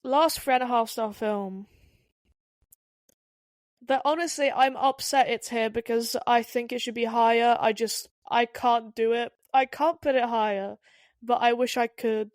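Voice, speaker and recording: A woman's voice: a little high, fairly even intonation, unhurried, dry recording, clean studio sound. A woman co-hosting a podcast, giving blunt, opinionated film reviews in casual chat with hesitant restarts. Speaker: podcast co-host.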